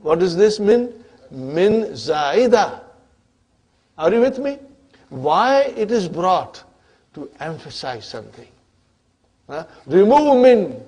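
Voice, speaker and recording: A man teaches an Arabic grammar class in a high, slightly rough, somewhat mellow voice that swings widely in pitch and never hurries. He repeatedly checks on the students with "huh?" and "are you with me?", asking them questions and then supplying the answers.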